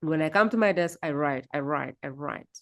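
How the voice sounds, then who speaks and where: A woman with a Ugandan accent hosts a podcast in a low, slightly bright voice, speaking a little fast. It's a reflective interview conversation in which she thoughtfully muses aloud and often hums in agreement.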